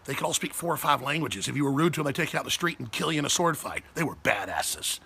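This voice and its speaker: Gravelly, fiery Texan man. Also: on the high side, very fast, bright, forceful tone. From Texas. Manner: fiery, emphatic, ranting. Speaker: host. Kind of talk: ranting talk show monologue.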